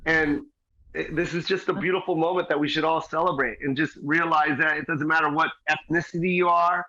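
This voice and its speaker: A man's voice: on the high side, steady tone, a little fast, sharp tone. A man, a comedian and film star, talking enthusiastically in a casual interview, stressing his points with repetition. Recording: dull lo-fi audio.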